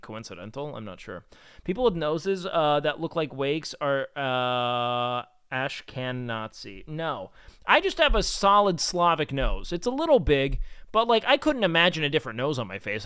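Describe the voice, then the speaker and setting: A man chatting casually on a live stream, rambling with lots of fillers and getting animated when he rants. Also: fairly high pitch, clear, resonant tone, dry recording. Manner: rambling, heavy with fillers like "like" and "you know"; worked-up and animated when ranting. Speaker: streamer reading chat.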